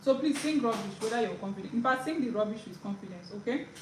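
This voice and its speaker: A woman's voice: a little high, animated, quick pace. A woman teaching a live beginner language lesson. She is patient, repeats her points and often checks in with "right?". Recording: echoey room, distant mic, background noise.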